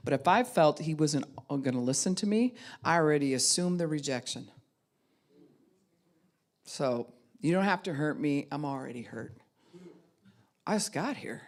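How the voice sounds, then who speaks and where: A woman's voice: deep voice, lively intonation, unhurried, pauses often. A middle-aged woman pastor giving a conversational teaching talk, speaking candidly and frankly and acting out the voices of people she quotes.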